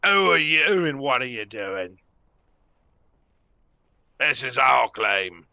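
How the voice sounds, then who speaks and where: A man voicing a gruff, menacing bugbear chief who speaks bluntly in slangy "yous" talk. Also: mid-range voice, very animated, takes it slowly, bright, forceful tone, no room sound, heavily acted.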